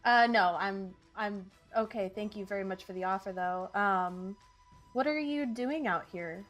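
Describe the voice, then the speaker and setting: Woman player, super slow and unsure, lots of ums, polite. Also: mid-range voice, a bit bright, soft background music. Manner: hesitant, polite, many fillers. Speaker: tabletop game player. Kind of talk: playing a character in a tabletop game.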